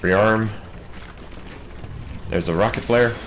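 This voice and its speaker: A man doing solo play-by-play game commentary, racing through big fights and dropping wry asides in quiet moments. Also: lowish voice, slight background noise, rough recording. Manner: quick, excitable calls in big plays, wry asides in lulls. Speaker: match commentator.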